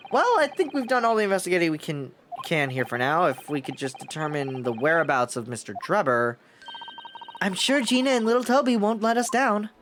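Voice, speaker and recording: A man voicing an earnest, eager young male lawyer, pitching his voice up. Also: big pitch swings, fairly quick, a bit bright, a little hiss or hum.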